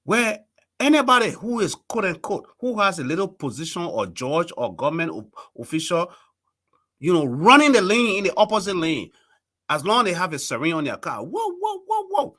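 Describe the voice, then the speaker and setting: Middle-aged Liberian male host: preachy and fervent, swooping animated delivery. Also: a little high, normal speed. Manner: impassioned, preachy appeals to viewers. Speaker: talk show host. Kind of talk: live political commentary.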